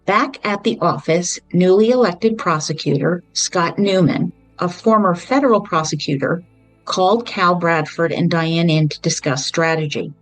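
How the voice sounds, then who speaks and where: Low-voiced woman retelling a true-crime story. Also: dry recording, faint music behind, low-quality recording. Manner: measured storytelling with brief personal asides. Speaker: podcast host.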